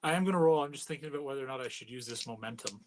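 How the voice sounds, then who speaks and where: A man's voice: mid-range voice, very fast, a little hiss or hum. A man playing a tabletop game, chatting in a playful, joking way. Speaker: player.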